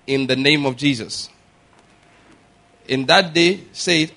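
A pastor preaching to his congregation in a fairly high male voice. He throws out questions, leads them in word-for-word responses, and builds up to loud, emphatic points. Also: slow pace, long pauses. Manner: call-and-response, asks the congregation to repeat after him. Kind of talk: sermon.

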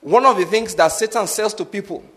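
A pastor with a high voice delivers a sermon. He teaches through practical examples and keeps checking whether his listeners follow him. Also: a little fast, a bit bright. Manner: repeatedly asks the congregation if they follow.

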